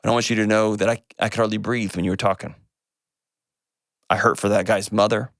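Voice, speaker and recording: A man, hosting an advice call-in show and answering a caller in an earnest, gentle way. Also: on the low side, level tone, brisk, no room sound, clean studio sound. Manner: earnest and gentle, shifts pace often.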